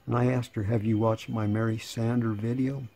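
Sarcastic guy in his 60s rambling on, husky dark voice, bit hoarse, faint music behind. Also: mid-range voice, little pitch movement, normal speed. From United States. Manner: sarcastic, rambling, laughing between lines. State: slightly hoarse. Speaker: channel host. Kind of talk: casual monologue.

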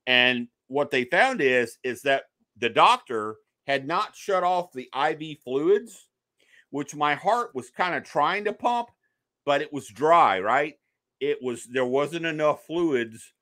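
This paranormal investigator, a guest on a podcast, speaks slowly in a voice on the high side, with no echo in the recording. Animated as he recounts something that happened to him, he performs each quoted voice.

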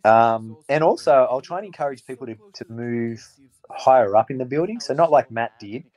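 A man's voice: medium pitch, lively intonation, moderate pace, a little mellow, no echo, muffled recording. A man rambling through ideas in a casual chat, thinking aloud.

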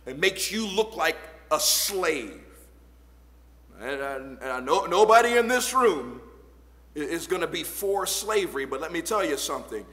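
A man preaching from the pulpit with a high, bright voice, taking his time and pausing between phrases. He swings from quiet asides to shouted lines and reads scripture in old-fashioned wording. The sound carries the long echo of a church hall. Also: lively intonation. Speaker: pastor. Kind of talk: sermon. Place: church sanctuary.

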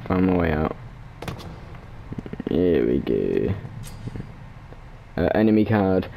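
A man's voice: low-pitched, very animated, slow, vocal fry, dull audio, a little hiss or hum. A man commenting on his gameplay in a casual, rambling, joking way at a desk microphone. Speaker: gamer. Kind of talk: casual let's play commentary.

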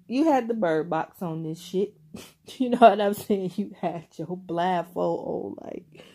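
Young adult woman reading tarot for her viewers in an unhurried, drawn-out way, laughing between points and swearing freely. She talks to the listener directly, like a friend spelling things out. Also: lowish voice, dark tone, breathy edge. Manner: profane, laughing often, speaking straight to the listener. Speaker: tarot reader.

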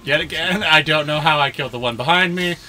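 A man's voice: on the high side, fast, soft background music. A man co-hosting a let's-play video, chatting casually and laughing often as he plays. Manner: laughs often, lively and joking. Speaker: gaming co-host.

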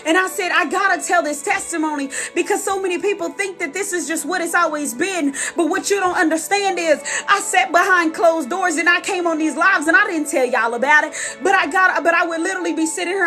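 High-voiced woman preaching with fervor. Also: brisk, pushed and bright, soft background music. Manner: passionate, calls the audience sis and y'all. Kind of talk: sermon on a live stream.

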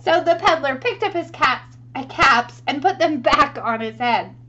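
Animated woman reading a picture book. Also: high voice, unhurried, highs cut off. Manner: animated, asks the listeners questions. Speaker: storyteller for children.

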